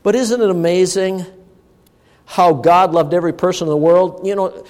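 A man with a high voice delivers a sermon, telling a story and reciting poetry and scripture. He slows down to stress key words. His voice rings with a long reverb, as in a church sanctuary. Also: a little mellow. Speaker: pastor.

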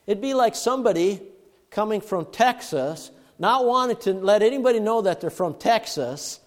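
Male preacher, a bit high-voiced, booming then hushed, in a reverberant church. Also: lively intonation, normal speed. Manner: swings from loud emphatic bursts to hushed murmurs. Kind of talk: sermon. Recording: long reverb of a large hall.

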